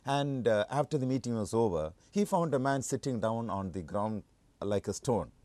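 A male preacher delivering a sermon whose voice swoops from a low, hushed register up to high, fervent peaks. He hammers on key phrases, repeating them for weight. The recording is dry and close, with no room sound. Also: animated, moderate pace, no room sound.

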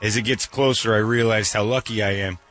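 A man's voice: fairly low pitch, steady tone, fairly quick, a bit bright, soft background music, close to an everyday voice. A man voicing a gushing, lovestruck middle-aged groom with a Chicago accent who can't stop talking about how happy he is. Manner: dreamy, sappy, breathless gushing.

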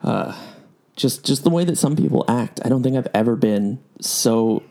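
A man's voice: mid-range voice, moderate pace, vocal fry, warm tone. A young man telling a story in casual chat, with lots of fillers, acting out the voices of people in it. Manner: rambling storyteller, many fillers, acts out quotes. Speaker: podcast host and DJ.

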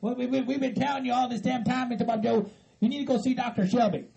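A man voicing a level-headed hillbilly friend who pleads patiently and tries to calm everyone down. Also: very high voice, quick pace, creaky. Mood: pleading. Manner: patient, pleading, repeats "Mister Bob Joe". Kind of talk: hobby comedy skit acting.

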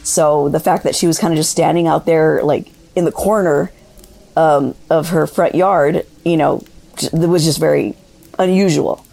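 Give me a woman calling in with a ghost story, halting and full of fillers, with a low voice. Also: steady tone, gravelly, mellow. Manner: rambling, halting, with many fillers. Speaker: caller sharing a ghost story. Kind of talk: casual spoken storytelling.

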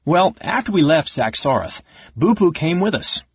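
A man's voice: fairly high pitch, very animated, normal speed, breathy edge, no room sound, lo-fi sound, pitched above the performer's own voice, exaggerated voice. A man voicing an earnest young kender. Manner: earnest and remorseful. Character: cheerful young male kender, earnest storyteller.

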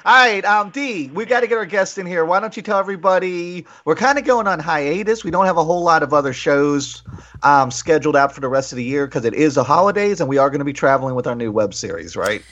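A man's voice: a little high, quick pace. Profane storytelling man, lo-fi sound. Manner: animated, profane, acts out quotes loudly. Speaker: podcast co-host. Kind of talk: casual storytelling chat. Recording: dull lo-fi sound.

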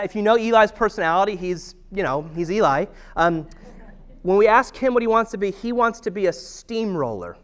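Pastor type, man in his thirties, high voice, wry self-mocking storyteller. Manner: humorous self-deprecating storytelling. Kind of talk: conversational sermon.

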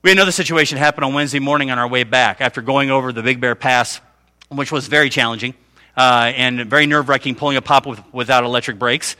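A man's voice: medium pitch, steady tone, quick pace, pushed and bright. A middle-aged man preaching a conversational sermon, often checking in with his listeners. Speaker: pastor.

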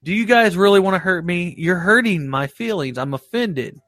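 A man's voice: high voice, lively intonation, a little fast, fairly bright tone, no room sound. A man hosting a live online talk show, joking around in a teasing, mock-offended way and laughing often. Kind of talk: casual joking chat.

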